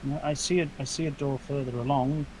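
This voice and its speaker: A man's voice: mid-range voice, steady tone, brisk, darkish tone, slight background noise, poor audio. A man playing in a tabletop game, asking the others which way to go. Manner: inquisitive, asking about the route. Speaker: player.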